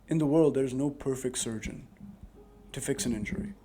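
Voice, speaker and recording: Man, mellow dark voice, earnest casual advice vlog, rambling with fillers, speaking into a microphone. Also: mid-range voice, moderate pace, faint music behind. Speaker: advice vlogger. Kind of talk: casual advice monologue to camera. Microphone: new dedicated microphone.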